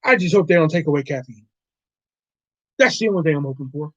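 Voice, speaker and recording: A man's voice: fairly high pitch, animated, moderate pace, long pauses, no echo. A man hosting a live stream at home, telling a rambling, profane story in casual talk and laughing often. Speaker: livestream host. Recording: dull lo-fi dry mic.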